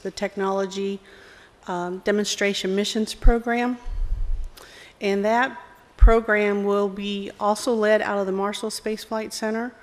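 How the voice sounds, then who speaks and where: A woman with a Southern US accent, a program executive giving a friendly, self-deprecating conference presentation with some fillers. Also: mid-range voice. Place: conference hall. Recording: long hall reverb.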